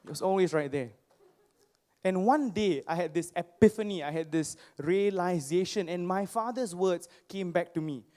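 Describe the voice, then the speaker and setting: A young man, giving a personal storytelling speech to a live audience, animated and self-mocking, often asking the crowd questions. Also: high voice, normal speed. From Singapore. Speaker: motivational speaker. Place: stage before a live audience.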